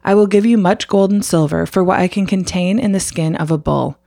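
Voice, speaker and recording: A woman's voice: fairly low pitch, fairly quick, vocal fry, mellow, no echo, clean studio sound. A woman voicing a shrewd young queen who bargains for land in a storybook retelling. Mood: bargaining.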